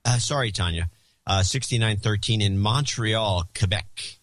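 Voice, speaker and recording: A man's voice: on the low side, measured pace, fairly bright tone, dry recording. A man co-hosting a podcast, reading a list of donors and teasing his partner in a dry manner. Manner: dry, teasing, reads out lists of names. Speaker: podcast co-host. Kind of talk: casual chat.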